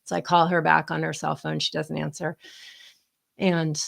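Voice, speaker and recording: A middle-aged woman co-hosting a talk show, chatting casually and telling a personal story with lots of fillers and animated quoting. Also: low voice, moderate pace, creaky. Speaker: co-host, the host's daughter.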